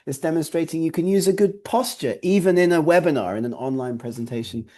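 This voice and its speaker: A man's voice: a little high, quick pace, dark tone. A man co-presenting a webinar over a video call, giving emphatic, instructive presentation tips and repeating his key points. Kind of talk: presentation training talk.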